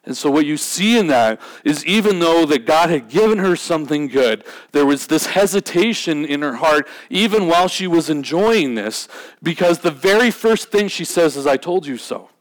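A man's voice: on the high side, lively intonation, moderate pace. A man preaching a sermon in a conversational way. He often repeats words and restarts his sentences. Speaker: pastor.

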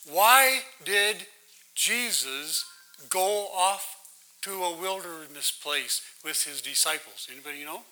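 A man teaches scripture as a pastor, drawing his listeners in with questions and a steady stream of "right?". His voice sits high and sounds very bright. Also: slow, soft background music, rough recording. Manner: conversational, keeps asking "right?". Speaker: pastor leading a Bible study. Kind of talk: interactive sermon with questions to the audience.

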